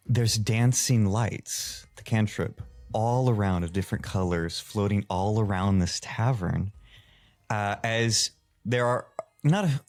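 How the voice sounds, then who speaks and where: A man with a very low voice leads a tabletop role-playing session, narrating places and characters in an easygoing, rambling way. His voice sounds close and dry, with no room around it. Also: no room sound. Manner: relaxed, filler-heavy narration. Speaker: game master.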